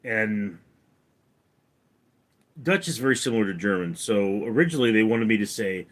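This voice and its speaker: A man hosting a casual livestream, reading out viewers' names and comments and answering them, calling the names out louder and higher than his replies. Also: unhurried, pauses often. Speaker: streamer reading viewer chat; actor.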